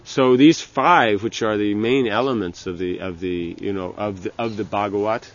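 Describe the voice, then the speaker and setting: A man giving an informal religious lecture as a spiritual teacher, talking in a halting way with many restarts and "you know". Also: on the low side, lo-fi sound, a little hiss or hum.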